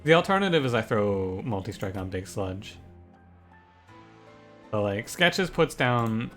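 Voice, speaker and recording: A man's voice: lowish voice, very animated, a little slow, fairly bright tone. Man thinking aloud over faint music. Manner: thinks aloud, restarts, gets ranting and exasperated. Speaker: gaming streamer. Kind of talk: casual gameplay commentary.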